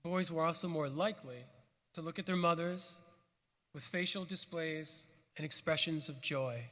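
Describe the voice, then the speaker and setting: A man giving a prepared conference lecture with a measured, earnest delivery. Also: on the high side, sharp tone. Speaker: conference speaker. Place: conference hall. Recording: long hall reverb.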